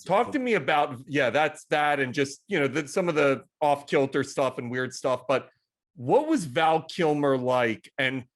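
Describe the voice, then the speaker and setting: A man's voice: on the high side, animated, a little slow. A man hosting an interview show, asking questions in an eager, casual and profane way. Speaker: host.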